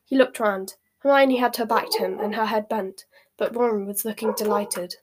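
A woman narrating a storybook with a measured, expressive reading. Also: medium pitch, noisy background. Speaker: audiobook reader.

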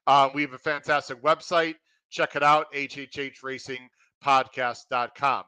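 A man hosting his racing podcast, excitedly welcoming listeners and running through promotions in an energetic, pumped-up way. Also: medium pitch, normal speed, clean tone, no echo, poor audio. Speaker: podcast host.

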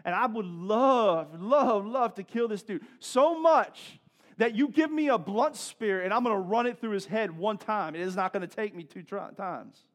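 A man's voice: high voice, expressive, a little fast, few pauses, fairly bright tone. A man voicing an angry young warrior who wants to kill his enemy, ranting in a heated, emphatic way. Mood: fired up. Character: furious young male warrior itching to kill.

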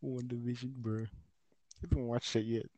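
A man's voice: medium pitch, level tone, moderate pace, dark tone, no echo. A young man co-hosting a podcast, teasing his friend and laughing often. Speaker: podcast co-host. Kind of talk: casual chat.

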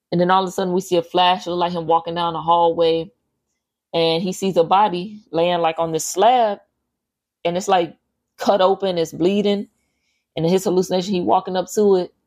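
A woman podcast host with a voice on the low side casually recaps a horror movie scene by scene. She's animated and full of profane slang.

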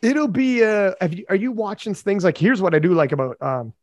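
A man hosting a casual podcast chat, animated and quick with asides. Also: high-pitched, dry recording, dull audio. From Canada. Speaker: podcast host.

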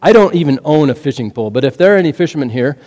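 A man preaching a sermon, telling the story in an animated way and throwing rhetorical questions at the congregation. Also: on the high side, very fast. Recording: long reverb of a large hall.

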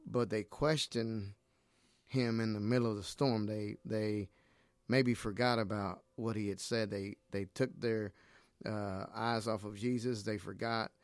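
A man's voice: on the low side, fairly even intonation, a little slow, dry recording. A middle-aged man from Nicaragua, a missionary guest, talking earnestly about his faith and retelling scripture stories with animation. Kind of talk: casual faith conversation.

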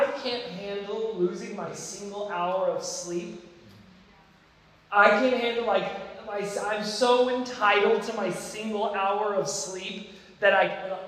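High-voiced man preaching in an echoey hall. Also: slight background noise. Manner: animated storytelling with laughing asides. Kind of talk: sermon. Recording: echoey hall with long reverb.

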